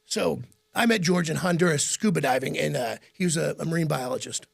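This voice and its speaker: Gravelly, raspy middle-aged man. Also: fairly high pitch, fairly quick. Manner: rambling, animated anecdotes with frequent laughs. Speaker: radio host as guest. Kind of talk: casual interview storytelling.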